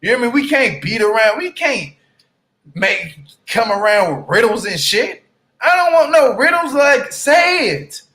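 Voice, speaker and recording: This man's voice is very high-pitched and sharp, swinging widely in pitch. Recapping a reality TV episode for his YouTube channel, he delivers a casual, foul-mouthed, blunt rant. He drags words out to stress them and repeatedly checks in with "you hear me?"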